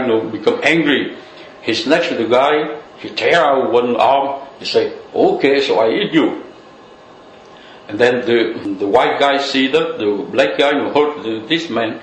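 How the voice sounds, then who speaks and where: A man giving a loose, conversational Buddhist teaching full of "you know" fillers. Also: medium pitch. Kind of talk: dharma talk. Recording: echoey room with faint noise.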